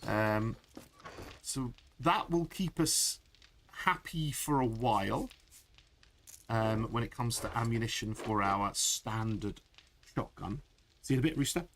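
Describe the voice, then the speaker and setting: A man's voice: mid-range voice, measured pace, pauses often, fairly bright tone, a little hiss or hum. Chatty man streaming a game. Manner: chatty, laughs often, reads chat aloud. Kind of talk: live gameplay commentary.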